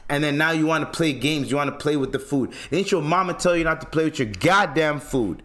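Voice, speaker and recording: A man's voice: a little high, lively intonation, fairly quick, a bit bright. A young man from Toronto with a Toronto accent, hosting a podcast and ranting in a solo monologue, exasperated, profane and mocking. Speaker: podcast host.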